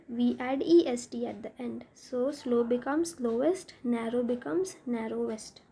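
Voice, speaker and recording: Woman teacher, high mellow voice, patient step-by-step grammar explainer. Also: husky. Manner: slow, step-by-step explaining, spelling out letters.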